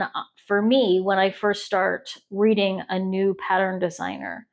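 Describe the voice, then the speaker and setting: A woman from Ohio chats casually while she crochets, rambling and stopping to count stitches. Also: medium pitch. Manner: rambling and self-interrupting, pausing to count stitches. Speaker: crochet podcast host.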